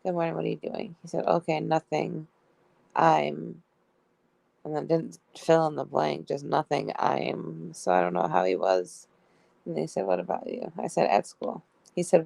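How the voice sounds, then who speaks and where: A woman's voice: fairly low pitch, unhurried, gravelly, dark tone, no room sound. A young woman streamer casually reading out both sides of a text chat, giggling often. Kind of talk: casual live-stream storytelling.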